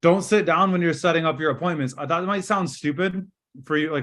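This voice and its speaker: Middle-aged male sales coach, slightly high voice, punchy and direct, on a video call from a hotel room. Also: brisk. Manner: energetic, direct, coaching with role-played sales lines. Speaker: sales trainer. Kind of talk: live online training session.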